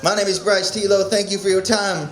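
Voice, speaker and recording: A young man performing a stand-up set at an open mic, shouting his punchlines. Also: sits high, fairly even intonation, a little fast, music in the background. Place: small room at a comedy open mic. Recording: echoey room.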